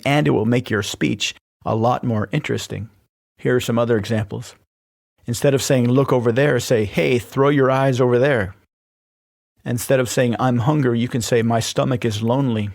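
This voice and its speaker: A man hosting a podcast, reading scripted instructional narration in a steady, even-paced delivery. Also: medium pitch, fairly quick, vocal fry, no room sound, clean studio sound. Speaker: podcast host teaching persuasion.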